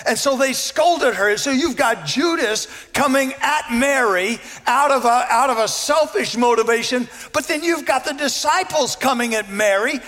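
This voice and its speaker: Male preacher, very high voice, earnest sermon, emphatic repeats, long hall reverb. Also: moderate pace, hardly any pauses, a bit bright. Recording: long echo of a large hall.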